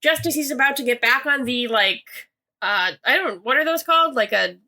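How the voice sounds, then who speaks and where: Bright chatty woman recapping a show. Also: high voice, normal speed. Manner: chatty, hedging with "like", reads quotes aloud. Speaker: podcast co-host. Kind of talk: casual episode recap.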